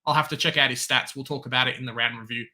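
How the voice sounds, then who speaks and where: A young Australian man hosting a fantasy football show in casual chat, animated, swinging from loud excitement to resigned muttering. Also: medium pitch, very fast. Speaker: fantasy football podcast host.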